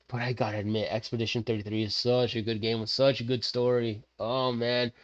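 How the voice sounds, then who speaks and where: A man streaming live, chatting casually in an animated, rambling way with lots of fillers. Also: mid-range voice, normal speed, lo-fi sound.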